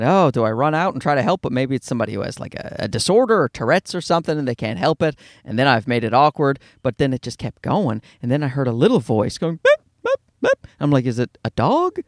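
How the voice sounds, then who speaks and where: A man's voice: a little high, vocal fry, no room sound. A comedian in his thirties hosting his own podcast from a home studio, ranting casually with profanity and acted-out voices.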